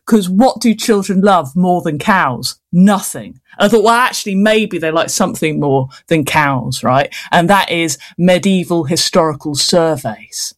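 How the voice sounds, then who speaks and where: A woman's voice: lowish voice, lively intonation, measured pace, hardly any pauses. A woman children's author chatting in an interview, self-mocking and full of casual fillers.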